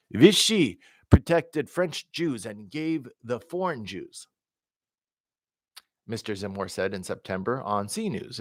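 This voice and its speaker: A man's voice: fairly low pitch, dry recording, studio quality. A man reading news articles aloud in a plain voice, with occasional stumbles and repeats and offhand asides. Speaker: independent candidate reading the news.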